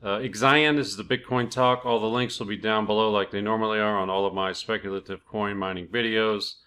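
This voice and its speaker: A man with a slightly low voice hosts his own cryptocurrency video channel. He talks in a relaxed, chatty way, dropping in "uh" and "um" and correcting himself as he goes, and mixes loose explanation with passages read from a page. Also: brisk. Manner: relaxed, conversational, with filler "uh" and "um" and self-corrections. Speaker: crypto YouTube channel host. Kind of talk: casual explainer, reading from a project page.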